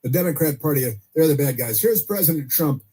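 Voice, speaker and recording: A male radio host with a slightly high, mellow tone and a husky edge. He talks in a loose, chatty way, chuckling and circling back over his words as he takes calls. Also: expressive, a little fast. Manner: chatty, chuckling, repeats himself. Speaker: radio talk show host. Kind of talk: political call-in radio talk.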